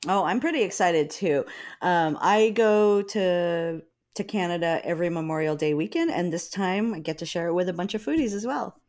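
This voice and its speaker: A woman co-hosting a casual podcast, expressive and teasing, laughing a lot. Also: lowish voice, moderate pace. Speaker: podcast co-host.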